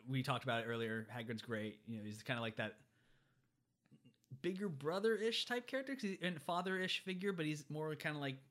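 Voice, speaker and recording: A man casually recapping a movie with a co-host, animated and acting out characters in exaggerated voices. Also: a little high, fairly quick. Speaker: podcast co-host.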